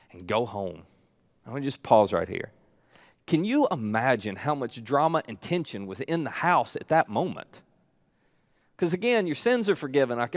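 Male pastor, sermon delivery, animated and lively, mid-high voice, acts out quoted lines. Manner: animated storytelling preacher, acting out voices.

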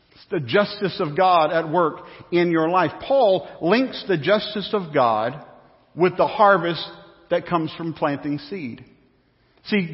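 A man preaching a sermon to a congregation in a conversational, storytelling way, recorded in an echoey church with dull sound. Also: on the high side. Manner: conversational, repetitive, anecdotal. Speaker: pastor. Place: church sanctuary.

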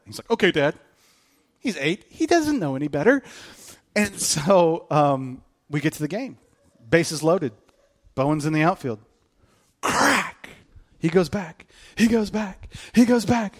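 A man's voice: fairly high pitch, moderate pace. A man in his thirties, a pastor, delivering a conversational sermon full of stories and emphatic repetition. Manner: conversational storytelling with rising excitement and emphatic repetition.

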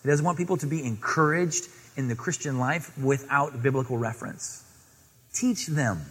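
A man's voice: medium pitch, normal speed, a bit bright, husky, big-room sound. A man preaching a sermon, reading scripture aloud and exhorting earnestly. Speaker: pastor.

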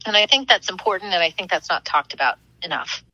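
A young woman, a podcast guest and author, chatting excitedly about her experiences and laughing often as she tells stories. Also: fairly low pitch, fast, no room sound, dull audio. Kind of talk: casual storytelling.

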